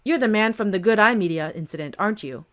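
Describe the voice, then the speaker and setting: A man's voice: high-pitched, expressive, fast, a bit bright. A woman voicing a polished male shop owner who speaks politely and measuredly. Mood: courteous.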